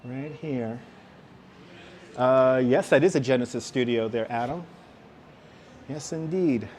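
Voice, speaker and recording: A man's voice: mid-range voice, slow, a little mellow. Live-stream host, New York man, chatty and upbeat, outdoors on a lapel mic with faint street noise. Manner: chatty, reads out viewer names and signs. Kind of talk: casual live-stream walking tour. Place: outdoor city walkway at evening. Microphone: wireless clip-on mic.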